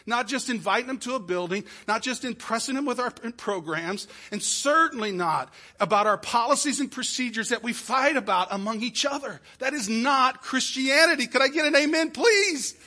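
Middle-aged male pastor, emphatic sermon delivery with loud bursts and hushed asides; high, bright tone. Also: normal speed, hardly any pauses. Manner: emphatic preaching with sudden loud peaks and drops to a hush. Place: church sanctuary.

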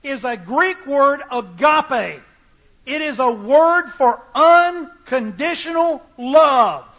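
A man's voice: extremely high pitch, animated, takes it slowly, fairly bright tone. A male preacher delivering a sermon in an emphatic, repetitive cadence.

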